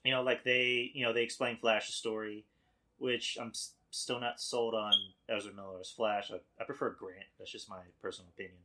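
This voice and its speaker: A man talking as a podcast guest in casual chat, animated and laughing often. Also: on the low side, moderate pace, a little hiss or hum.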